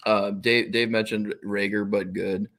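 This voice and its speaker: A man with a fairly low voice talking through sports analysis on a podcast. He hesitates, restarts and fills gaps with ums as he thinks aloud. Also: level tone, measured pace, fairly bright tone.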